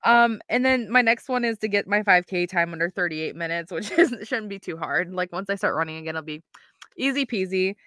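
A woman's voice: mid-range voice, brisk, no room sound, studio quality. A woman co-hosting a podcast in casual chat, telling a story with lots of acted-out quotes and laughter. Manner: animated storyteller, acts out quotes, laughs often. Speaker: podcast co-host.

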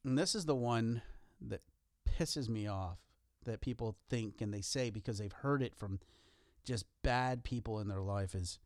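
A man's voice: lowish voice, measured pace, a little mellow, no echo, studio quality. A man co-hosting a podcast, talking earnestly in a casual motivational way with wry self-deprecating jokes. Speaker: podcast co-host.

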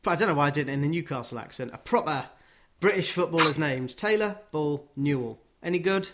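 Slightly high-voiced male host, casual chat, wry joking asides. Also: expressive, fairly quick, fairly bright tone, slight background noise. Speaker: podcast host.

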